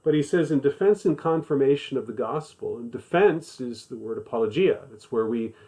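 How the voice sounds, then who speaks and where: A man's voice: mid-range voice, lively intonation, fairly quick, dark tone. A man teaching a Bible study in a conversational voice, stressing points by repeating them. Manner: conversational, emphatic repetition. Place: living in the American South.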